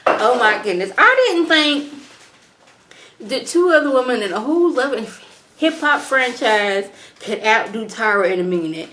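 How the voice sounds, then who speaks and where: A young woman recapping a reality show in a sassy, animated way, mimicking the people she talks about. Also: on the high side, normal speed. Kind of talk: casual recap commentary.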